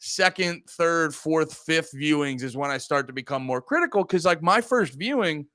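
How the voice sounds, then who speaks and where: A man's voice: a little high, normal speed, no room sound, studio quality. A man co-hosting a podcast, chatting casually about movies, swearing and acting out quotes. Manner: animated, swears casually, acts out quotes in funny voices. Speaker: podcast co-host.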